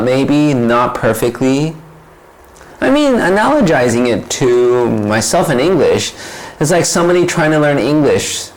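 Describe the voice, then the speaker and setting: A man's voice: mid-range voice, low-quality recording. A man giving a casual, reflective monologue as a vlogger, wandering into side stories and asking rhetorical questions. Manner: conversational, digressive with rhetorical questions. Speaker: vlogger explaining ideas.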